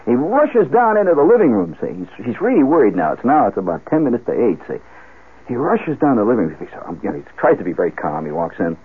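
A man telling a rambling comic story on the radio, animated and full of asides and restarts. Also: on the low side, quick pace, breathy edge. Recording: tinny phone-like old radio broadcast.

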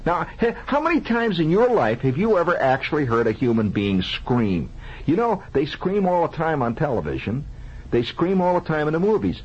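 A man's voice: a little high, moderate pace, breathy edge. A man telling a comic childhood story on radio, chatting to listeners and making sound effects with his mouth, heard on an old lo-fi broadcast. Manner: animated, conversational, asks the audience questions, sound effects with mouth. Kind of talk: improvised comic storytelling monologue.

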